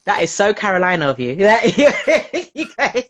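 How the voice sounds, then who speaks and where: A woman, a podcast guest chatting casually, animated and quick to laugh, slipping into playful voices for people she quotes. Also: mid-range voice. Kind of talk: casual chat.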